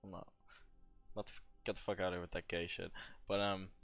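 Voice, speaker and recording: A young man with a very low voice tells a story casually while he games, swearing freely and filling gaps with ums and you-knows. His delivery is loose and laid-back, like a streamer chatting with viewers. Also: little pitch movement, brisk, gravelly, fairly bright tone, faint music behind. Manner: profane, rambling and laid-back, with many fillers. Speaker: gaming streamer.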